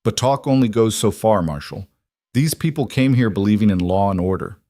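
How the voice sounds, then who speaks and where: A man's voice: lowish voice, lively intonation, fairly quick, warm tone, no room sound, studio quality, lightly acted. A man voicing a determined homesteader who speaks with grim urgency. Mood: urgent.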